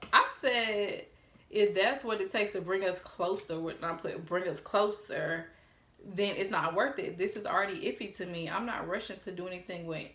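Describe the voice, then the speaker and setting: A woman's voice: fairly low pitch, a bit bright, roomy sound. A woman in her twenties telling a casual storytime vlog, blunt and sassy and swearing freely. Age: 20s. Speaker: storytime vlogger.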